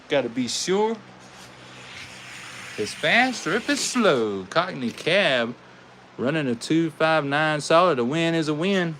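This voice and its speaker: Slow-talking Southern man calling toy races. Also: on the high side, fairly bright tone, a little hiss or hum. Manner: folksy, drawn-out, says "y'all". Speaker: host racing toy cars. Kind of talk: casual live race commentary.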